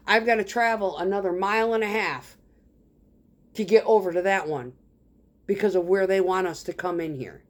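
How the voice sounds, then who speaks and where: A woman's voice: mid-range voice, normal speed. A woman telling a work story as a casual rant, blunt and full of swearing, acting out the lines of the people she deals with. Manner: acts out others' lines in quoted dialogue. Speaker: concrete truck driver.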